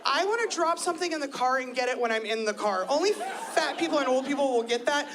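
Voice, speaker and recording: Woman, 30s, stand-up comic, light higher voice, chatty self-deprecating delivery, recorded live before a laughing crowd. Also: expressive, fast. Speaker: stand-up comedian. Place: comedy club stage with audience.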